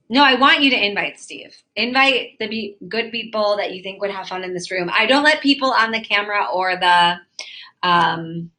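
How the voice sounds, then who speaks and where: A woman's voice: mid-range voice, bright, forceful tone. A woman hosting a live webcam chat room, reading out viewer comments in a chatty, flirty, easily flustered way. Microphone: phone or webcam mic.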